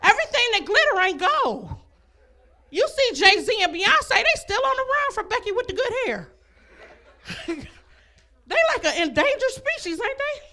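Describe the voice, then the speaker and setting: A woman's voice: extremely high pitch, pushed and bright. A woman doing a stand-up comedy set, brash and bawdy, speaking to the ladies in the crowd and laughing at her own jokes. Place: comedy club stage.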